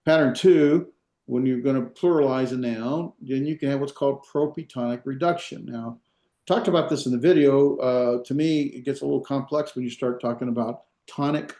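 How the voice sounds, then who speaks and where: A man lectures to a class in a roomy, echoing space, his voice at an average pitch. He halts and restarts, fills gaps with "uh," and throws in dry asides. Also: mellow. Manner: halting, many fillers and restarts, dry asides. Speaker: Hebrew teacher. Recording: echoey classroom.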